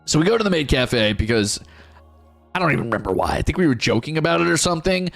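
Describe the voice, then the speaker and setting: A male streamer spins a profane, excitable story for his chat. His voice is gravelly, with wide swings in pitch. Faint music plays behind him. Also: fast talker.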